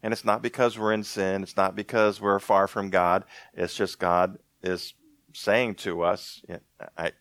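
A man preaching a sermon in a conversational way, slowing down to read scripture aloud. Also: deep voice, level tone, fairly bright tone, no room sound. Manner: conversational, restarts often, reads scripture slowly. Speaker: pastor.

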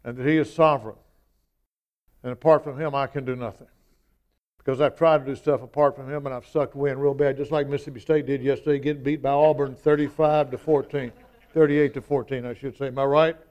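A man's voice: mid-range voice, fairly even intonation, brisk, muffled recording. A man preaching a sermon, emphatic and conversational, acting out quoted lines.

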